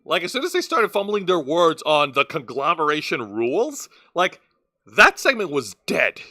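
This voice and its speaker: Bright dry-sounding guy rambling thru a wrestling recap, trips on his words a lot. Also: wildly swooping pitch, moderate pace, no room sound. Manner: rambling, stumbles over words, mimics wrestlers in low voice. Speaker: wrestling show co-host. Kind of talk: casual podcast recap.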